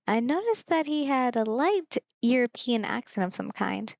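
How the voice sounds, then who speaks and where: A woman's voice: a little high, big pitch swings, normal speed, gravelly, no room sound, lo-fi sound. A woman from Germany streaming a visual novel, reading the story aloud and chatting with viewers in asides.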